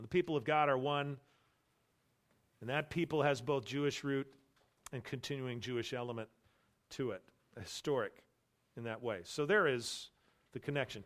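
A man preaching from the pulpit, his voice pitched a little high. He presses his points hard and says the key phrases twice. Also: fairly bright tone. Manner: emphatic, repeats key phrases, voices imagined boastful believers. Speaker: pastor. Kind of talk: expository sermon.

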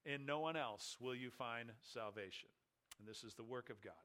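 Bright-voiced emphatic male preacher. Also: medium pitch, normal speed. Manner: emphatic, repeats key phrases, asks and answers rhetorical questions. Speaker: pastor. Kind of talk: expository sermon.

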